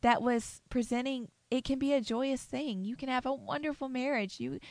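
A woman's voice: high voice, normal speed, no room sound. A middle-aged woman, a pastor's wife, chatting casually about ministry books and laughing easily as she tells stories. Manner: warm storytelling, laughs easily. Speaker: pastor's wife, podcast co-host.

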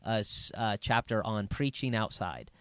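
Casting: middle-aged male pastor, low voice, relaxed and joking, dry close recording. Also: moderate pace, no room sound. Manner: easygoing, jokey, restarts often. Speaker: pastor, podcast co-host. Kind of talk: casual conversation about books. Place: Las Vegas.

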